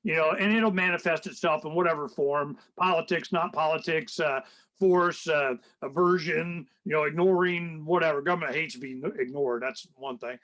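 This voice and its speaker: A man's voice: a little high, normal speed, low-quality recording. An older man hosting a radio talk show, rambling in casual political chat and acting out what others said. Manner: rambling, animated, acts out quoted people in a raised voice.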